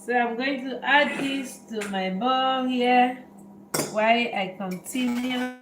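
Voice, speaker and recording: A woman's voice: fairly high pitch, slow, roomy sound, music in the background, poor audio. A woman hosting a live cooking demonstration in a kitchen, chatting to viewers as she explains each step. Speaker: cooking show host.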